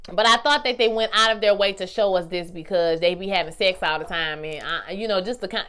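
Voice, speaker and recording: In a casual TV-series review vlog, an animated woman with a bright, salty voice alternates between loud exclamations and quiet musing. Her tone is clear and resonant, and she tosses out salty slang while calling her viewers y'all and baby.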